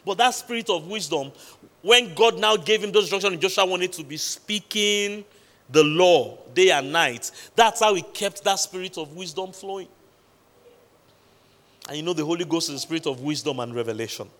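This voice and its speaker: Male pastor preaching, kinda high voice, lots of pauses and questions to the crowd, long church hall echo. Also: expressive, fairly bright tone. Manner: preaching with emphatic pauses and repeated questions to the congregation. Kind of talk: sermon.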